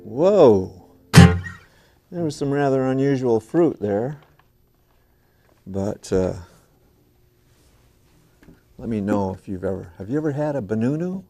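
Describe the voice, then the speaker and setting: A man hosts a children's television show from a small studio, talking playfully and gently to young viewers and a puppet duck. His voice is warm and mellow, at an ordinary pitch for a man. A soft guitar plays faintly behind him. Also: animated, takes it slowly, creaky, pauses often. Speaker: children's TV host. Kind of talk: singing and chatting to young children.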